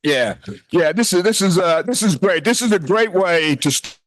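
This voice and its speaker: A man's voice: sits high, animated, moderate pace. Rambling, chatty older man speaking to a retreat. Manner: chatty, rambling, self-interrupting, jokey. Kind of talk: informal talk at a retreat. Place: retreat house hall.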